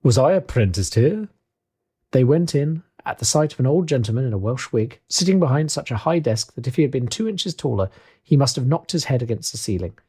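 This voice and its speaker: A man narrates a classic tale as an audiobook in a measured, expressive way. His voice is mellow and slightly husky. He sits at a middling pitch. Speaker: audiobook reader.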